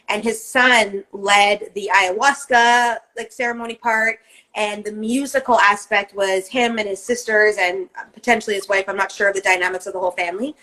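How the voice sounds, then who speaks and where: A woman's voice: medium pitch, a bit bright, rough recording. A woman co-hosting a podcast in casual chat, candid and emphatic, swearing freely and acting out the voices in her head. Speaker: podcast co-host.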